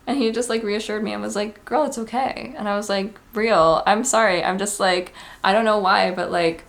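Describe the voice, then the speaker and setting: A woman's voice: medium pitch, fairly even intonation, normal speed, vocal fry, fairly bright tone. A woman, talking casually and earnestly in a confessional vlog, full of "like" and advice. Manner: chatty, heavy use of "like", earnest advice-giving. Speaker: vlogger.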